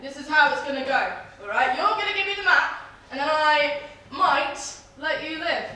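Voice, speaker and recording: Woman as a bratty, bright-voiced pirate villain for a stage panto, echoey hall. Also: high voice, lively intonation, moderate pace. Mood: menacing. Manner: swaggering, shouting, sneering. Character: boastful childish villainous pirate captain. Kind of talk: stage pantomime acting and song. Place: theatre stage. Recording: echoey hall from far off, with music.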